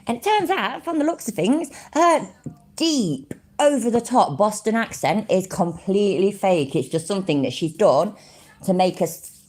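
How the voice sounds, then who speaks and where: Brief: a woman in her late forties, low-pitched but lively, blunt and sweary in casual reaction chat. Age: 40s. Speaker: streamer reacting to clips.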